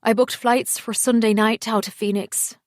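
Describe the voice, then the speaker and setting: A woman's voice: on the high side, steady tone, moderate pace, no room sound, clean studio sound, lightly acted. A woman narrator voicing a torn, anguished man who pleads, in her own voice raised with emotion. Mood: pleading.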